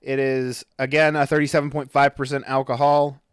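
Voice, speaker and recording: In a brisk, smooth, medium-pitched voice with a level tone, a man co-hosts a podcast. He chats casually, rambling, stumbling over words, and fixing what he says as he goes. Clean studio sound, dry recording.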